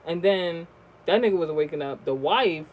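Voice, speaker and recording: A vlogger telling a personal story in a casual, rambling way, swearing often and restarting sentences, with the voice jumping high and loud at the shocking moments. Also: lively intonation, normal speed, a little hiss or hum, rough recording. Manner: rambling, profane, many fillers and restarts.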